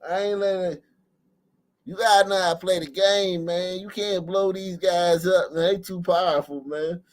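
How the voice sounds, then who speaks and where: A man's voice: high voice, fairly even intonation, normal speed. A man hosting a livestream, riffing casually with lots of cursing and laughter, ending almost every line with "man.". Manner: profane, laughing, ends lines with "man". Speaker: livestream host. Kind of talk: casual commentary.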